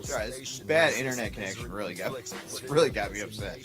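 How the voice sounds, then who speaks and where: A man's voice: lowish voice, a little fast, few pauses, music in the background. A man livestreaming an angry, profane, confrontational rant at people who talk about him.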